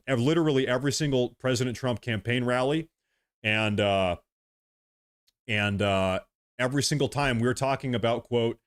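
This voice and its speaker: A man from the United States hosting a political livestream, with heated, combative and repetitive talk that swings between loud outbursts and low mutters, into a headset mic. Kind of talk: livestream commentary.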